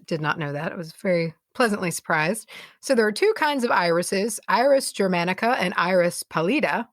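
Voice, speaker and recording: A woman's voice: mid-range voice, a bit bright, no echo. Giggly rambling woman podcaster, dry sound. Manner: rambling, giggly, self-correcting. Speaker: podcast co-host. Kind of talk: casual chat.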